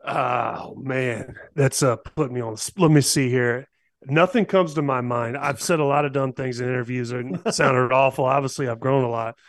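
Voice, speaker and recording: A laid-back man talks sports in a hesitant way, pausing and stumbling as he goes. His voice sits in the middle of the range, and the sound is dry. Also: medium pitch, no room sound. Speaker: podcast guest, former player. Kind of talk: casual sports chat.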